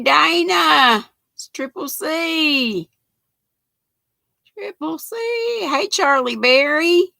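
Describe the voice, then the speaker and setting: A woman's voice: medium pitch, creaky, sharp tone, no room sound. A woman, hosting a casual livestream and chatting as she reads out viewer comments and greets people by name. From United States. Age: 60s. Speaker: channel host reading live chat.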